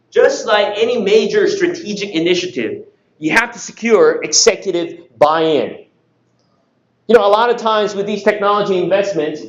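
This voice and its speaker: A man giving an energetic conference presentation, firing rhetorical questions at the audience. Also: high-pitched. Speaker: conference speaker. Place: conference hall. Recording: echoey hall, distant mic, dull.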